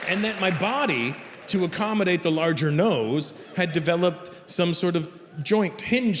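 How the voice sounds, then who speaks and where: Male stand-up comic, brash and profane, slightly high voice, reverberant hall, audience noise. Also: measured pace, few pauses. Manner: brash, profane, animated storytelling. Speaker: stand-up comedian. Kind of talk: stand-up comedy. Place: theater stage before a live audience. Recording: reverberant live stage with crowd.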